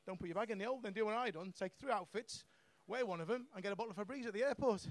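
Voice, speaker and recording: A man's voice: sits high, very fast, no room sound. A young man doing a stand-up set on a comedy club stage, brash and sweary, laughing at his own jokes.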